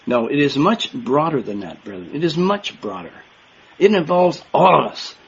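A man's voice: a little high, big pitch swings, moderate pace, vocal fry, breathy edge, muffled recording. Older man preaching an emphatic sermon. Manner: earnest, emphatic, repeats key words, chuckles at times. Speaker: minister.

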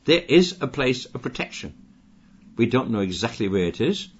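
Older preacher, husky emphatic sermon. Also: male voice, mid-range voice, very animated, normal speed. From Britain. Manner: emphatic, repeats key phrases, rises in volume on points. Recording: dull lo-fi recording.

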